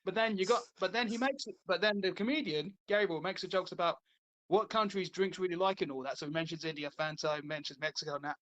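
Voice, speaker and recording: A man's voice: high-pitched, steady tone, fast, fairly bright tone, highs cut off. A man, hosting a podcast in casual chat, rambling through a retold comedy routine with lots of fillers and restarts. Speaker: podcast host.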